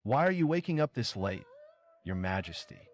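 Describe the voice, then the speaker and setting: A man voicing a sharp, scornful empress mother who scolds curtly in a story recap. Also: lowish voice, sing-song, normal speed. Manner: curt and scolding.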